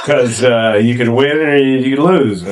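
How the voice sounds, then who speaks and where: A man doing a stand-up routine, telling crude, self-mocking stories with a lot of swearing. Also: mid-range voice. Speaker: stand-up comedian. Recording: laughing crowd behind.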